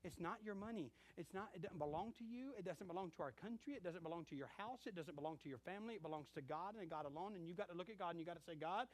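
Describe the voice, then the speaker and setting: A man's voice: sits high, fast, hardly any pauses. A middle-aged male pastor preaching a sermon, telling stories and acting out bits of dialogue. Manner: animated storytelling with acted-out dialogue.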